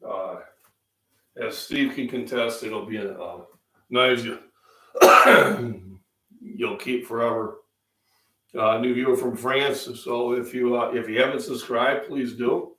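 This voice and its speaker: A middle-aged Midwestern man hosting a casual fitness chat, rambling with many fillers, feeling under the weather with coughs and throat-clearing. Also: medium pitch, slow, long pauses, sharp tone. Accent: Midwestern American. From Illinois, US Midwest. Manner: rambling, chatty, frequent fillers. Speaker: fitness channel host. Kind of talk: casual live-stream breakfast chat. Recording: echoey room, distant mic.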